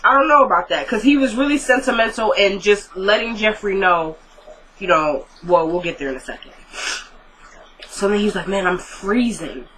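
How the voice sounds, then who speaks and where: A woman's voice: medium pitch, moderate pace, fairly bright tone, a little hiss or hum, low-quality recording. A woman casually recapping a TV drama episode, retelling scenes by quoting the characters, with many likes and asides. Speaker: TV recap vlogger.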